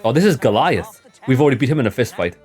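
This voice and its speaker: Bloke narrating his game playthrough, jokey and chatty, talks to the lads, mid pitch. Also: lively intonation, fast, a little mellow, faint music behind. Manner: chatty, joking, addresses viewers as lads. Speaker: gaming channel host. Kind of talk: casual gameplay commentary.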